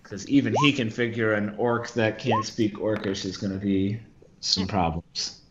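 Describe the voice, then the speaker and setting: Hesitant male player, muffled with clear background noise. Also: fairly low pitch, fairly even intonation, a little slow. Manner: hesitant, many filler sounds. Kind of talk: casual chat at a game table. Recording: dull lo-fi sound with noise.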